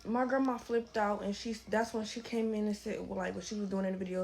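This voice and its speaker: A woman casually retelling a family story in an animated, chatty way with lots of fillers. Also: medium pitch, fast, gravelly, a little hiss or hum. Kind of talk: personal story time.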